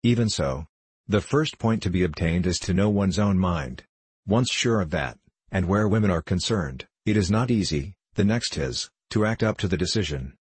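A man's voice: deep voice, lively intonation, moderate pace, husky, no room sound. A man voicing a solemn, long-winded male psalm-singing teacher, using formal old-fashioned phrasing.

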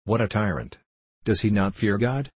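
A man's voice: lowish voice, lively intonation, moderate pace, a little mellow, husky, no echo. A man reading the part of a prying, scolding female housekeeper, nagging and insistent.

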